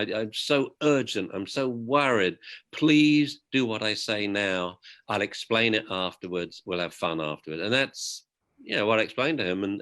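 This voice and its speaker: A man's voice: lowish voice, fairly bright tone. Older man telling a moving story. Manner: emotional, halting with repeated restarts. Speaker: guest. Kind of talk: reflective storytelling.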